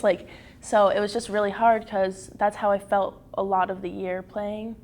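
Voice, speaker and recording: A teenage girl giving a candid personal account in an interview, halting and full of fillers and restarts. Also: medium pitch, flat delivery, gravelly, slight background noise. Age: teens. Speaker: interview guest.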